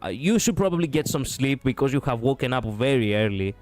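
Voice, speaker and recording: A man from Europe hosting a livestream in easygoing chat. His voice is smooth and resonant, sitting at an average pitch. He rambles, repeats his phrases and laughs often. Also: expressive, brisk, darkish tone, soft background music. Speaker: streamer host.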